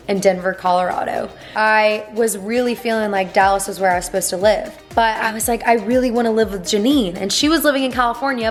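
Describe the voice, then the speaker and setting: A woman in her twenties chatting casually to camera from her home, bubbly and playful, with asides to her viewers. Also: mid-range voice. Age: 20s. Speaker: vlogger. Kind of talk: casual vlog chat to camera. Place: home in Dallas, in a swing chair.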